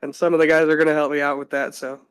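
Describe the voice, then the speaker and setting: A man who organizes racing events, chatting in a relaxed way on a live stream and laughing easily. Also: fairly high pitch, very fast, smooth, no room sound. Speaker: racing series organizer, guest. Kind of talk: casual live-stream chat.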